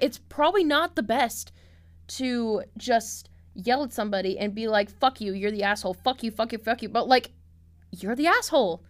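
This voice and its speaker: A young woman hosting a casual podcast, reading out online posts and reacting bluntly and sarcastically, swearing freely. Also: a little high. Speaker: podcast host.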